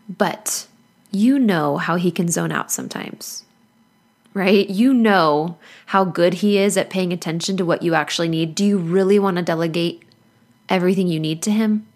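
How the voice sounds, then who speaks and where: A woman's voice: fairly low pitch, a little mellow. A woman hosting a motivational podcast as a life coach, talking in an earnest, encouraging way with playful asides and frequent laughs.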